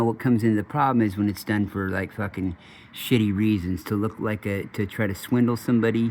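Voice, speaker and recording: A man with a low, gravelly voice talks off the cuff for his channel. He swears freely and wanders from one aside to the next, circling back to finish his story. It sounds like loose, unscripted monologue talk. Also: slight background noise. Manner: profane, digressive storyteller. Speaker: channel host. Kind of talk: rambling casual monologue.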